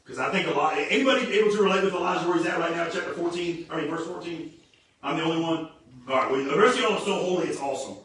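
A man preaching a casual, energetic sermon, slangy and animated, often repeating words as he restarts. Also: a little high, racing. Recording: very echoey room, distant mic.

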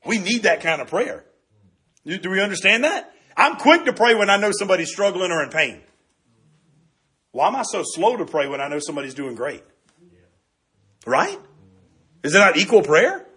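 A middle-aged man preaching with a high, bright voice. There is a husky grain to his tone. He talks to the congregation in a lively, conversational way, often asking "right?". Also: normal speed, long pauses. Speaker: pastor. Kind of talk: sermon.

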